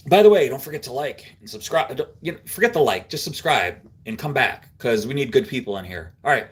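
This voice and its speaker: A man's voice: lowish voice, a bit bright. Rambling middle-aged man chatting on stream. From Central New York. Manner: rambling storyteller, filler-heavy, laughs easily. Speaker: livestream host. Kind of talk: casual chat with live viewers.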